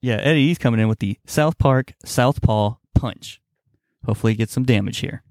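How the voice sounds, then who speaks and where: A man's voice: mid-range voice, fairly quick, a little mellow, dry recording. A man co-hosts a casual podcast and gives jokey play-by-play of a dice battle, breaking into laughter often. His voice sits in the middle range. The sound is dry and close, with no room in it. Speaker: podcast co-host.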